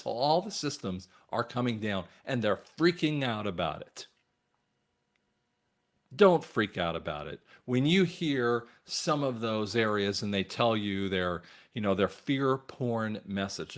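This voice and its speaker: This host's voice sits low, expressive and unhurried, as he rambles through a religious and political monologue on his own channel. His emphasis veers from loud bursts to near mutters, and he speaks to viewers as "guys."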